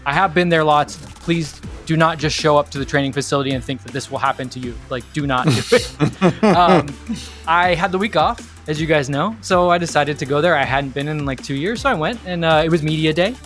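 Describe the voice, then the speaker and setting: Lively, slightly high-voiced man telling a story. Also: fairly quick, faint music behind. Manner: lively storyteller, full of "like" and restarts. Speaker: podcast co-host. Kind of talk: casual chat, telling a story.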